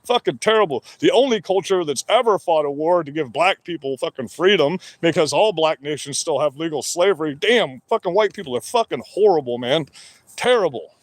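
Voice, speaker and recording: A man with a notably high voice delivers a long, combative monologue straight to his audience. He swears heavily and argues in short, hammering bursts. The sound is close and dry, with no room around it. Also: lively intonation, a little fast, no room sound. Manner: profane, combative, heavy swearing. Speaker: vlogger. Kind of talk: angry monologue rant.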